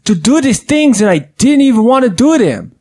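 A man putting on a self-important male movie actor with broken, halting phrasing who gets offended and walks out. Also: very high voice, sing-song, warm tone, exaggerated voice. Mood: indignant.

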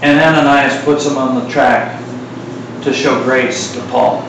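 Middle-aged preacher in an echoey hall. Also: male voice, mid-range voice, a little slow, distant mic, background noise. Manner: conversational, joking asides, animated retelling. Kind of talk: sermon.

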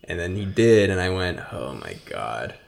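A man co-hosting a laid-back movie podcast, his voice very deep with a rough, gravelly fry. He talks easily and drops short agreements between his longer points. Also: very animated, normal speed. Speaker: podcast co-host. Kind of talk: casual film review chat.

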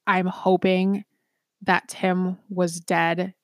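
Speaking with a fairly low voice and flat delivery, a woman co-hosts a podcast and tells a true-crime story in a chatty way, with lots of ums, restarts, swearing and quick laughs. The recording is dry and studio-clean.

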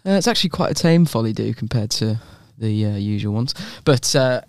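A young man with an English accent and a smooth, resonant voice, chatting as a podcast co-host. He tells teasing stories and laughs a lot, recorded dry and close with no room sound. His pitch sits in an ordinary middle range. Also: lively intonation, fairly quick, a little mellow, no echo. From England. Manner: laughs often while telling anecdotes, chatty and mocking. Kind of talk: casual chat.

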